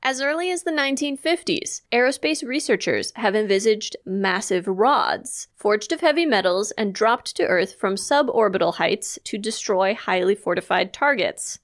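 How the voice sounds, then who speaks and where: A woman's voice: medium pitch, lively intonation, normal speed, hardly any pauses. A woman co-hosting a podcast, chatting casually and explaining facts she has researched. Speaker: podcast co-host. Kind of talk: casual chat.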